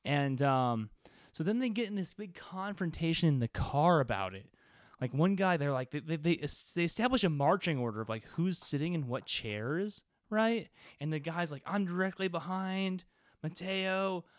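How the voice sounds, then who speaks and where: A man's voice: fairly high pitch, very animated, normal speed, no echo, clean studio sound. A man who is a game master, recounting a tabletop session in casual podcast chat, rambling with lots of "like" fillers and swearing. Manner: rambling, profane, full of "like" fillers.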